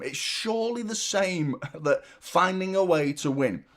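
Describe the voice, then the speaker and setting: A man's voice: sits high, animated, a little slow, a bit bright. A man casually chatting as host of a live football fan stream, self-mocking and reading out viewer messages. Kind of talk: casual live watchalong chat.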